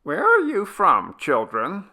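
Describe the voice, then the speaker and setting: A man doing a slow, quavering, very old deaf grandmother. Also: high-pitched, wildly swooping pitch, bright, forceful tone, voice pushed up, exaggerated voice. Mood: puzzled. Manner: slow, quavering, hard of hearing.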